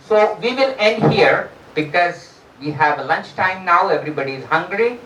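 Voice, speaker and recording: A professor from India delivers a university lecture. They quiz the students and hesitate on fillers. The voice sits at an ordinary middle pitch and sounds distant, captured in a roomy lecture hall. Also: animated, moderate pace, a bit bright. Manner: addresses students with rhetorical questions, frequent fillers. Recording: roomy echo, distant mic.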